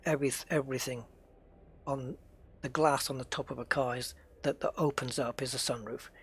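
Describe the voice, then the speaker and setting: A man's voice: medium pitch, steady tone, moderate pace, breathy edge. A man with an English accent, a game streamer chatting casually with viewers during a live stream and musing aloud as he plays. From United Kingdom.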